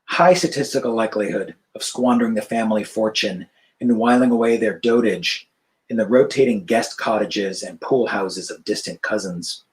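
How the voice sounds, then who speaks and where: Catty older socialite mentor, read by a male author. Slow and sardonic. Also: on the low side, close to an everyday voice. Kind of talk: author reading his fiction aloud.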